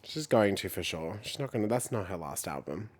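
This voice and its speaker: A woman co-hosting a podcast in relaxed, offhand casual chat. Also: rumbling low, a little fast, no echo. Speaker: podcast co-host.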